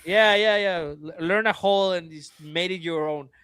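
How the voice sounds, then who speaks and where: Animated man telling stories on a podcast. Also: high-pitched, moderate pace, clean tone, dry recording. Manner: animated storytelling with many restarts. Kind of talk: casual wrestling podcast chat.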